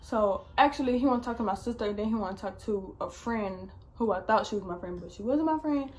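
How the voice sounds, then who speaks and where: A woman's voice: mid-range voice, quick pace. A young woman vlogger telling a storytime, chatty and slangy, swearing often. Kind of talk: casual storytime.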